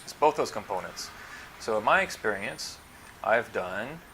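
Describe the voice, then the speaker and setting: A man's voice: lowish voice, animated, unhurried, pushed and bright, slight background noise, poor audio. A man from the United States, a supply chain consultant hosting his own channel, talking casually to camera and explaining things patiently step by step.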